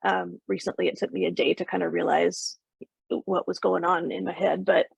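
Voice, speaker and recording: A woman host with a strongly gravelly, husky voice asks her questions thoughtfully, pausing and restarting. Her voice sits dry and close to the mic. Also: on the low side, flat delivery, dry recording, rough recording. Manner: thoughtful, hesitant, many "um" restarts. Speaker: podcast host. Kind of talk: podcast interview.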